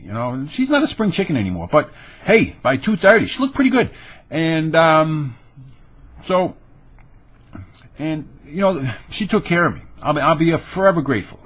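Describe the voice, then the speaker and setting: A man's voice: mid-range voice, breathy edge. A brash man rants to camera in a rambling webcam monologue, often stammering and restarting. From New York area. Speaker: video blogger.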